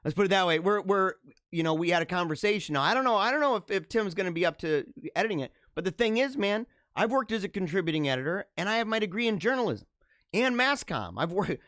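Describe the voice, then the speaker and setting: A man hosting a livestream, chatting casually and answering viewer comments in an animated, talkative way. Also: high voice, no echo, studio quality. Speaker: livestream host.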